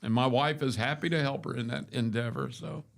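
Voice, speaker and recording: A man's voice: mid-range voice, fairly quick, creaky. An older man hosting a morning show, telling long rambling stories in casual chat, full of restarts and asides. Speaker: radio show host.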